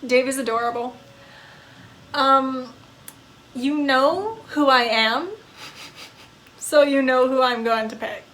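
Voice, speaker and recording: A woman's voice: sits high, fairly even intonation, slow, pauses often, fairly bright tone. A young woman giving casual, giggly, chatty asides while reading a game aloud. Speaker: game reader.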